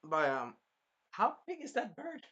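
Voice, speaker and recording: A man's voice: high voice, a little slow, lo-fi sound. Rambling man reviewing an anime. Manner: rambling and animated, swears freely. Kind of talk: casual chat.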